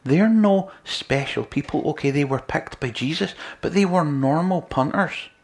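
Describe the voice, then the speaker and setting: Male preacher, gravelly, earnest sermon delivery with loud and hushed passages. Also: on the high side, moderate pace. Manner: earnest, swings between loud emphasis and quiet near-whispers.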